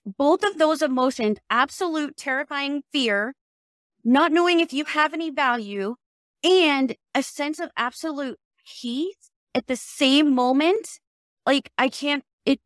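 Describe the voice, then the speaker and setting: A woman with a high, bright-pitched voice hosts a podcast in easy, casual chat. She talks in an animated way, stacking up fillers and restarting her sentences. The sound is close and dry, with no room around it. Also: no room sound. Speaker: podcast host. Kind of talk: casual conversational interview.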